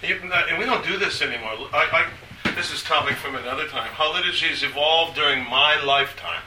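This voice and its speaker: An older man giving an informal talk to a small group, rambling and halting with many restarts. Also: on the high side. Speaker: speaker on church liturgy. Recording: echoey room from far off, faint hiss.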